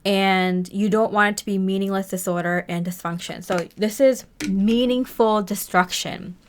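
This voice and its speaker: A woman talks through a tarot reading in a relaxed, rambling way, stopping for fillers and soft laughs. Her voice sits in a middle pitch, close to the mic and conversational. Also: normal speed, a little hiss or hum. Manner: chatty and rambling, lots of fillers, laughs often. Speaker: tarot reader. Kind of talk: casual spoken tarot reading.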